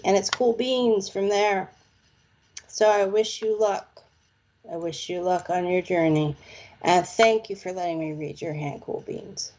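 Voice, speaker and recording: A woman's voice: fairly low pitch, a little mellow, lo-fi sound. A woman doing a casual live palm reading, chatty and playful with slangy phrases. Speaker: psychic palm reader.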